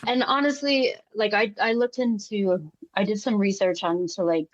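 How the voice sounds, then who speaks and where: A woman's voice: medium pitch, steady tone, normal speed, no room sound. Outspoken woman host on a dull mic. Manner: outspoken, swears freely. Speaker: podcast host. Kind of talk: casual conversation.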